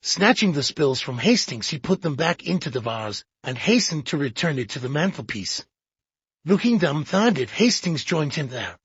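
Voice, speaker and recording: An audiobook narrator giving a measured, expressive reading of a detective play. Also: medium pitch, husky, no echo. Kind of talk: scripted narration. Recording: dull lo-fi audiobook.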